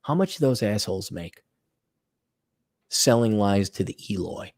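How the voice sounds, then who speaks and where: Speaking a little slowly in a lowish voice, a man delivers a solo podcast rant laced with profanity and sarcasm. His animated style includes scornful asides and mocking voices when quoting others.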